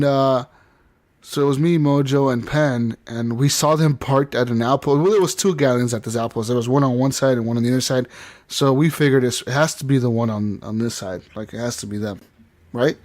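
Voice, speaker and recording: A man's voice: mid-range voice, a little mellow. A man co-hosting a gaming podcast in casual chat, telling rambling stories with lots of swearing and laughter. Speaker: podcast co-host.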